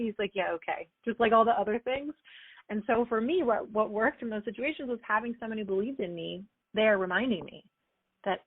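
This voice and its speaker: Animated woman over a tinny line. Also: medium pitch, a little fast, no room sound. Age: middle-aged. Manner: animated, acts out quoted dialogue with fillers. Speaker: performance coach, guest. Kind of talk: conversational interview answers. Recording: tinny phone-like line, dry.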